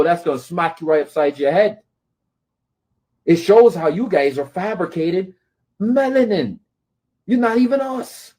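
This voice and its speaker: A commentator rants to camera at his critics, scolding and taunting them and often asking "right?". His voice is on the high side, with a darkish tone and a breathy edge.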